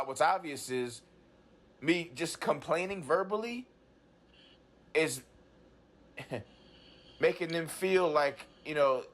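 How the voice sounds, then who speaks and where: A man telling his troubles in a therapy session, halting and repeating himself as he restarts his sentences. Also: fairly high pitch. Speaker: client in a talk therapy session. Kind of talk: agitated personal account.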